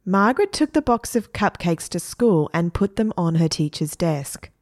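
A woman narrating a children's story expressively, dropping to hushed asides. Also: fairly low pitch, sing-song, normal speed, no echo, clean studio sound.

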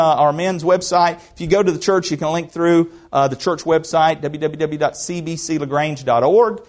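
High-voiced folksy pastor. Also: male voice. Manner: folksy, joking asides, repeats words when starting. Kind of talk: sermon.

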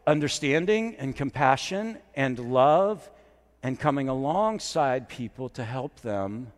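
A man's voice: mid-range voice, animated, slow. A male pastor delivering a sermon to a live congregation, talking casually with self-deprecating asides, then building to emphatic preaching. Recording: long reverb of a large hall.

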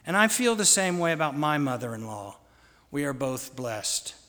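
A man telling fond, gently humorous family stories in a sermon. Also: a little high, big pitch swings, normal speed. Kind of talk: anecdotal storytelling sermon. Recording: long hall reverb.

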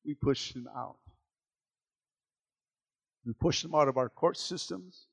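A man preaching a sermon, moving from quiet, low passages to loud, emphatic repetitions. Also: takes it slowly, vocal fry, breathy edge.

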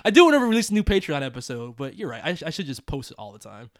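A man's voice: fairly high pitch, big pitch swings, racing, no echo, studio quality. A man hosting a casual podcast, reading listener emails aloud with joking asides and frequent laughter.

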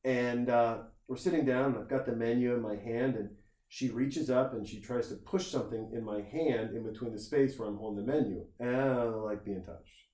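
A man telling a long, animated anecdote in casual chat, acting out the people in it and swearing freely. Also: mid-range voice, moderate pace. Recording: roomy echo.

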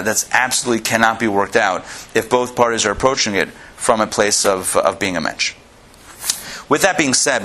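Bright-voiced male rabbi lecturing a class. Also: mid-range voice. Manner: conversational, repeats and restarts, tells jokes. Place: classroom with a live audience.

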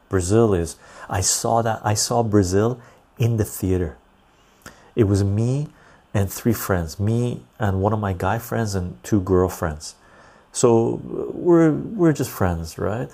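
Tired, gravelly low-voiced man chatting. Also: a little slow, mellow. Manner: loose and rambling, laughs easily, reads chat aloud. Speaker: livestream host reading chat. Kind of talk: casual livestream chat.

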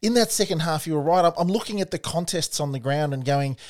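Aussie bloke talking footy, slightly high voice, fumbles for words, jumps in with questions. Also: male voice, fast, a little mellow. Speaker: football podcast co-host. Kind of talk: casual chat.

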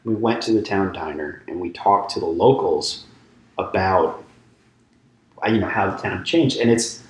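A man with a lowish voice co-hosting a podcast, telling stories with eager, self-mocking enthusiasm. His voice echoes off the walls of the room. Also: measured pace. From grew up in England. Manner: enthusiastic storyteller, self-deprecating. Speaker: podcast co-host, reporter. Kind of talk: casual chat.

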